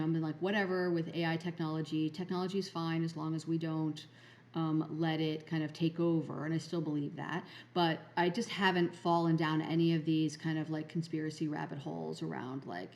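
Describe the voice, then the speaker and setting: A woman's voice: lowish voice, darkish tone. A woman hosting a podcast, telling a spiritual story in a rambling way, full of fillers and restarts. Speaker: podcast host.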